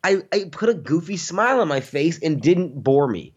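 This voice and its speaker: Teasing podcast guy, kinda high voice, dull lo-fi sound. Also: sing-song, normal speed, crowd noise. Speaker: podcast host, film reviewer. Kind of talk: casual chat.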